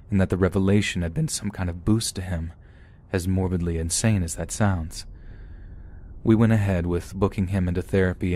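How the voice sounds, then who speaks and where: A man narrating scary true stories in a steady, scripted storytelling manner. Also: low voice.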